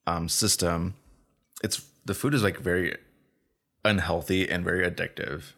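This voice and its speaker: Very low, gravelly man interviewing. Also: moderate pace. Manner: relaxed, hedging with fillers. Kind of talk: casual interview conversation.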